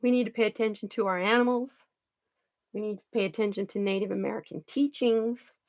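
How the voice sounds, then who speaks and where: A woman's voice: medium pitch, brisk, no room sound. Earnest woman telling a story, dry sound. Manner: earnest, animated, trailing restarts. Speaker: card reader and channel host. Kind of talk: casual storytelling chat.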